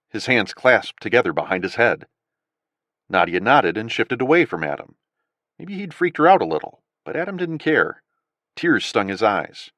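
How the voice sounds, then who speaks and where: A man narrating an audiobook in an expressive, varied storytelling manner. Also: fairly low pitch, moderate pace, no room sound, clean studio sound. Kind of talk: scripted narration.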